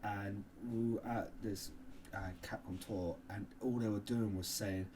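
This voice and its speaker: A loud, joking man trading crude banter on a casual podcast, his voice sitting fairly low. He swears freely and breaks into laughter often, with a faint hiss of noise under the recording. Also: fairly even intonation, normal speed. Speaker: podcast co-host.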